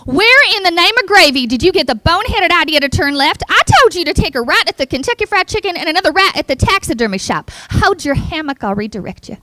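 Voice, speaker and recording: A woman's voice: extremely high pitch, lively intonation, fast, few pauses, sharp tone, voice pushed up, full character voice. A woman voicing a sassy, scolding female GPS navigator with a put-on Southern US accent. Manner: scolding, folksy.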